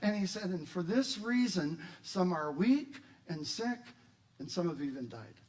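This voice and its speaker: رجل واعظ بصوت عالي النبرة. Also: male voice, a little slow, low-quality recording. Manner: animated preaching, acts out quoted voices with rising pitch and volume. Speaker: pastor. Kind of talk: sermon.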